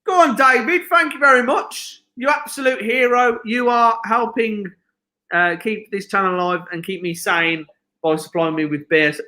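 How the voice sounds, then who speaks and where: A man with a Birmingham accent hosting a live football watchalong, chatty and excitable, often shouting at the match. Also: high-pitched, moderate pace. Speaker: stream host.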